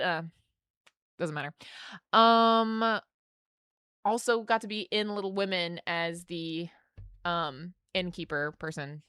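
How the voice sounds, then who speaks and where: Young woman streamer, casual rambling chat, bright tone, dry close sound. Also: medium pitch, smooth, no room sound. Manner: rambling, filler-heavy storytelling with restarts.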